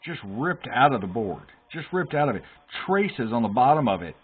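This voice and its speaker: A man's voice: medium pitch, very animated, normal speed, breathy edge. A man casually walking through a console repair at his workbench, emphatic and exasperated about the shoddy work he found. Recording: tinny phone-like sound with faint hiss.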